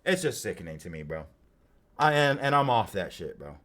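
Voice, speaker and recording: A man's voice: fairly low pitch, sing-song, fairly quick, fairly bright tone. A young man hosting a live stream, chatting casually and greeting viewers by name in slangy talk. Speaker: streamer and podcast host.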